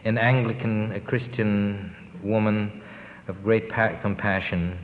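A man's voice: fairly low pitch, flat delivery, a little hiss or hum. An older man, a relief worker, telling earnest, rambling stories of his work abroad in a recorded interview. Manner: rambling, earnest storytelling with pauses. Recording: tinny, lo-fi tape with long reverb.

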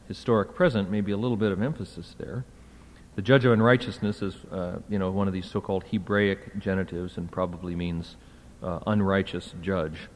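A man's voice: fairly low pitch, moderate pace. A man teaching a class on a Greek text, talking conversationally and often checking in with "right?". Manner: conversational, keeps asking "right?". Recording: hall reverb.

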